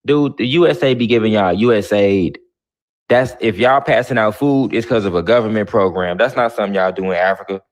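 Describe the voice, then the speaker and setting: A fairly low-pitched man hosts a livestream and argues bluntly. He swears freely and pushes back hard on the people he talks with. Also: fairly quick. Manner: profane, blunt, confrontational. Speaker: livestream host. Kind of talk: heated casual talk.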